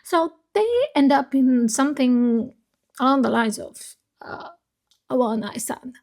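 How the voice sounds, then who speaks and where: A woman's voice: sits high, measured pace, darkish tone. A woman book vlogger chatting casually about her week's reads, rambling and swearing freely, recorded on a phone. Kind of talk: casual chat about books.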